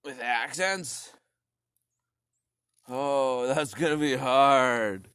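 A man's voice: medium pitch, very slow, fairly bright tone, clean tone, no room sound, studio quality. A man, ranting casually in a rambling, profane way full of fillers and restarts. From Canada. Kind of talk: casual rant.

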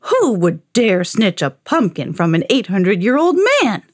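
A woman voicing a grumpy eight-hundred-year-old magical old man in a storybook, croaking and drawn out. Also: medium pitch, very animated, measured pace, dry recording, studio quality.

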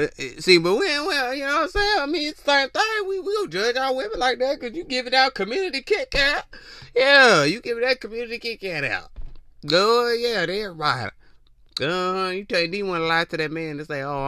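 A man's voice: sits high, bright, forceful tone, dry recording. A young man hosting a podcast, giving a teasing, slangy comedic monologue full of repeats and mock voices. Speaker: podcast host.

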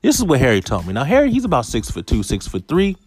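A man tells a comic story at a medium pitch, with faint music under him. He acts out each character in turn, swinging his voice up and down. He moves quickly from narration into quoted lines. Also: wildly swooping pitch, a little mellow, slightly rough. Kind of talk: comedic storytelling.

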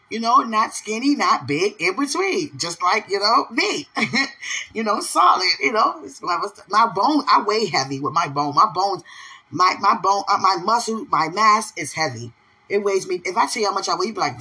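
A woman's voice: mid-range voice, very animated, moderate pace, pushed and bright, breathy edge, poor audio. A woman hosting a podcast, chatting casually and playfully with a partner, laughing often. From United States. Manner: talks affectionately to a partner. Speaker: podcast host. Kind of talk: casual chat.

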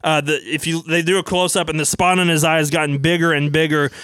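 A man casually narrating a wrestling storyline as brisk play-by-play. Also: on the high side, flat delivery, a bit bright, clear, resonant tone, no room sound.

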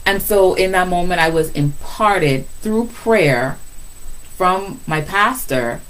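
A middle-aged woman giving a casual, animated faith talk to fellow believers, with a lot of repetition and frequent laughter. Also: lowish voice, slow pace, poor audio. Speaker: Christian speaker.

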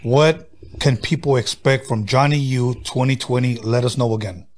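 A man's voice: mid-range voice, fairly even intonation, normal speed, darkish tone. A man hosting a casual interview, mostly giving short affirming replies. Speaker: interview host.

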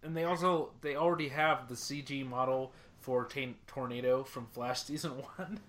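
A man co-hosting a podcast in relaxed, casual chat. He laughs a lot as he talks and often stumbles and restarts his sentences. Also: medium pitch, normal speed, a little hiss or hum. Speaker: podcast co-host.

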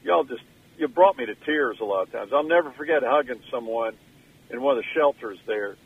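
A man's voice: medium pitch, a little fast, breathy edge, narrow, tinny audio. An older man, calling in from his car as a radio guest and telling stories in a folksy, emotional way. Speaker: guest, former governor. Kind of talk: phone-in radio interview.

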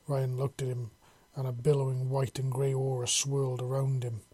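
A man reads a science-fiction fan story aloud in steady, descriptive narration. His voice is dark and slightly husky, recorded close and dry. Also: mid-range voice, moderate pace, no room sound.

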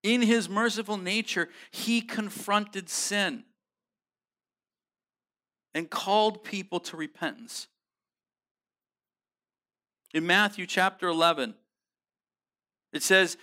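Bright-voiced man preaching a sermon. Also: high-pitched, takes it slowly, long pauses. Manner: earnest, emphatic preaching with casual slang; frequent restarts and repeated words. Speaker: pastor.

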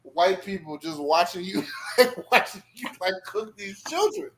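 A man chats as a podcast guest, teasing and laughing his way through the talk. His voice rides high and swings widely in pitch, and there is a faint hum of noise behind him. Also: measured pace, low-quality recording. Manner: animated and playful, laughs often, teasing. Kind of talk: casual chat.

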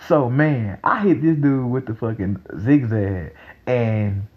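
A young man talking in a casual, rambling monologue, excitable and profane, breaking into loud laughs. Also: medium pitch, slow pace, muffled recording. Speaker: vlogger.

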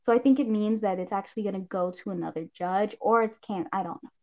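A young woman co-hosting a podcast, rambling through casual gossip in an animated way. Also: mid-range voice. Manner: rambling, animated, quick shifts into shrieking impressions. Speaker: podcast co-host. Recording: dull lo-fi sound.

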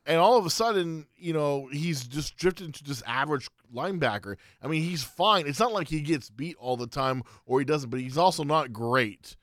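Mid-pitched man explaining, dry sound. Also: expressive, a bit bright, no echo. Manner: explanatory, defensive, halting restarts. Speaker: podcast co-host. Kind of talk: casual sports debate.

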